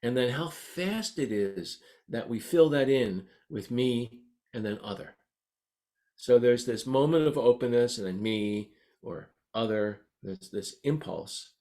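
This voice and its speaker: A man in a middle register gives a meditation talk. He speaks gently and conversationally, unhurried. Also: mid-range voice. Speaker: meditation teacher. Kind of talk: dharma talk.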